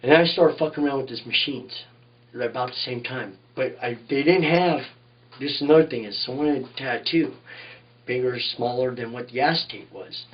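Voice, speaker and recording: A man's voice: mid-range voice, a little fast, far from the mic, lo-fi sound. A man, a tattoo artist, telling shop stories in a rambling, profane way in a casual interview, often saying "you know what I mean".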